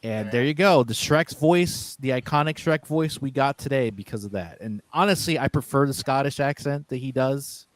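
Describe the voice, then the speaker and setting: A man's voice: medium pitch, moderate pace, few pauses, no echo. A man chatting casually on a stream, telling long rambling stories with lots of fillers and restarts. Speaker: stream co-host. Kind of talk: casual chat.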